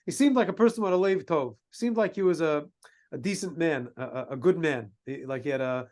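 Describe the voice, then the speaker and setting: Man, rabbi, sermon story, high voice, halting with restarts, hebrew and yiddish words. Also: animated, darkish tone. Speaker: rabbi giving a talk.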